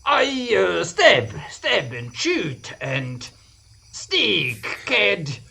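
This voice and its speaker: A boisterous male adventurer in a tabletop game bellows in a heavy French accent, as a man puts him on. The voice is bright and sharp, with a gravelly crackle, and it swings widely in pitch. He lingers over his words at an unhurried pace. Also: huge pitch swings, exaggerated voice. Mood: boastful. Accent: put-on French. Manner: exaggerated, shouty mock-French outbursts. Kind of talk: tabletop role-play.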